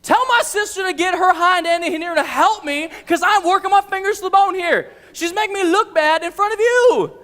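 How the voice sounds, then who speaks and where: A man's voice: very high-pitched, moderate pace, hardly any pauses, a bit bright, big-room sound, voice pushed up. A man voicing a frustrated woman pleading for help while she is stuck serving alone, in an exaggerated, exasperated way.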